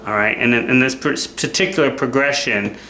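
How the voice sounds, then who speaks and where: A man's voice: medium pitch, a little fast. Man teaching guitar, checking in with "okay?". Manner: relaxed, repeats "okay?" to check in. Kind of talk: casual instructional talk. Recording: roomy sound with loud guitar playing. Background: guitar playing.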